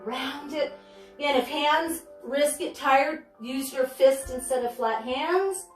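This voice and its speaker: This woman guides yoga in a home studio, offering friendly, encouraging instructions one step at a time. She speaks slowly in a high-pitched voice, with reverberation and faint music behind her.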